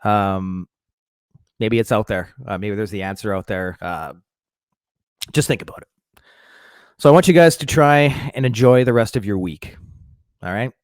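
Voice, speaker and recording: A man's voice: on the low side, measured pace, long pauses, dry recording, studio quality. A man rambling to his viewers in a casual monologue, swearing, stumbling over restarts and fillers, and mocking himself as he goes. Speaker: vlogger.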